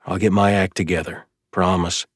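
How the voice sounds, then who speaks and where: A man's voice: flat delivery, moderate pace, breathy edge, no room sound, studio quality. A man doing a sulky, raised-voice young guy. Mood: grumbling. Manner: sulky and sputtering, voice pushed higher. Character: young man, glum, defensive, wisecracking.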